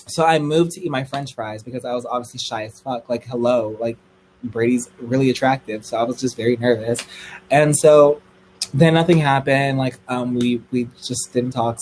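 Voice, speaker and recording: A young man telling a story on a livestream in a casual, gossipy way, swearing freely and squealing high when excited. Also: moderate pace, a little hiss or hum, low-quality recording.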